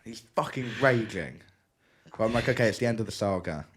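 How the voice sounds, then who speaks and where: On a casual podcast, a young co-host with a British accent and a lowish voice talks a little fast, laughing through his long, animated story while performing the voices of everyone in it.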